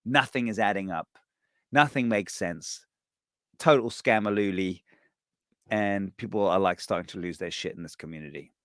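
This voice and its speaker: A man hosting a podcast, telling a story in a casual, animated way, swearing and acting out what people said. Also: low-pitched, moderate pace, no echo, studio quality. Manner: animated, swearing, acts out quoted voices. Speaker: podcast host.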